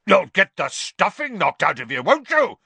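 A man reading aloud and voicing a loud, snarling, bullying middle-aged uncle. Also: medium pitch, sing-song, unhurried, no echo, voice pushed up, heavily acted. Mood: blustering.

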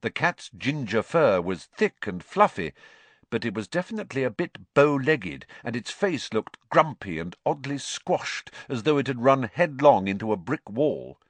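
A man narrating a storybook in a very animated, expressive voice. His pitch sits in the middle, and the recording is close and completely dry. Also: moderate pace, dry recording. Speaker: audiobook narrator. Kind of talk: scripted narration.

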